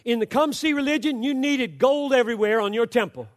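Male preacher, high voice, fervent sermon delivery that drops to quiet asides, long reverb. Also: quick pace. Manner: impassioned, swings from loud exhortation to low hushed storytelling.

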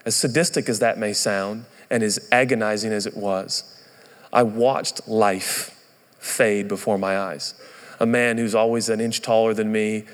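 A man's voice: fairly low pitch, steady tone, a little slow. A man in his thirties preaching a sermon, earnest and conversational, telling stories. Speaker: pastor. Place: church auditorium. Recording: long reverb of a large hall.

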